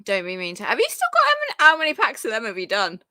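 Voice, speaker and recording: Chatty woman co-host, bright forward tone, close dry mic, candid and rambling. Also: a little high, wildly swooping pitch, very fast, no echo. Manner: chatty, candid, trailing fillers. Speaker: podcast co-host. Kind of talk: casual live podcast chat.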